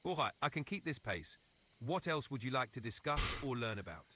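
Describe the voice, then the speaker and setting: Bright synthetic male assistant, French accent. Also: mid-range voice, very animated, a little fast, slight background noise. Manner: polite, eager to help.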